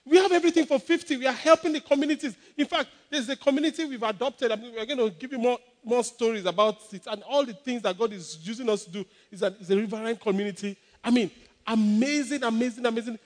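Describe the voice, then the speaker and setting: A man with a high voice preaches to his congregation. He leans hard into repetition and calls out for the listeners to respond. His delivery is emphatic throughout. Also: quick pace, in a large hall. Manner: emphatic preaching, with repeated exhortations and call-and-response. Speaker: pastor. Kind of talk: sermon.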